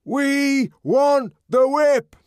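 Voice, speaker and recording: A man's voice: very high-pitched, drawn-out words, a little mellow, no echo, clean studio sound, pitched above the performer's own voice, exaggerated voice. A man voicing a jeering crowd of sightseers, chanting mockingly in a heavy rhythm.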